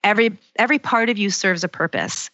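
A middle-aged woman coach speaking in an earnest, personal, reflective way, slowing down to stress her key points. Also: mid-range voice, fairly bright tone, no room sound, muffled recording. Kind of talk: reflective self-help talk.

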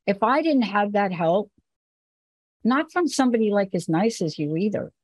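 A woman's voice: mid-range voice, sing-song, moderate pace, darkish tone, dry recording. A woman hosts a talk show, telling personal stories with candour and emphasis. Her voice sits in a middle range for a woman, and the recording is dry and close. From the Bronx, New York. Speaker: host. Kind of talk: casual talk-show conversation.

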